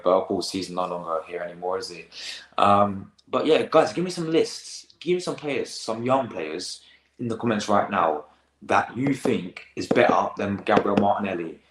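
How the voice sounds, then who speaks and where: Low-voiced slangy teen lad streaming. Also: male voice, reverberant, rough recording. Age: teens. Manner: excitable, rambling, slangy. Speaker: football reaction host. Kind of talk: casual live-stream chat.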